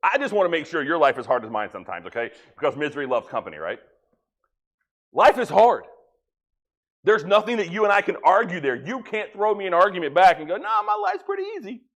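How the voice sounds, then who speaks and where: A pastor preaching a folksy sermon, joking with the congregation and acting out little dialogues. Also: male voice, fairly high pitch, very animated, brisk, fairly bright tone.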